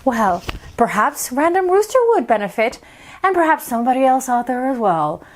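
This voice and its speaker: A woman's voice: high voice, sing-song, moderate pace. A woman reading a story to children in a theatrical, playful way.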